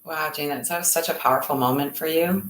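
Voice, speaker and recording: A woman's voice: low voice, brisk, fairly bright tone, reverberant, slight background noise, poor audio. A woman co-hosting a casual talk on mental health in a reflective, encouraging way. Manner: reflective, encouraging, speaks in lists. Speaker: co-host.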